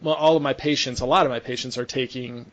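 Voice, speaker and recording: A man's voice: mid-range voice, fairly even intonation, fast, fairly bright tone. A young man, a sports medicine clinician, chatting casually and telling a story with lots of restarts and fillers. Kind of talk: casual podcast conversation.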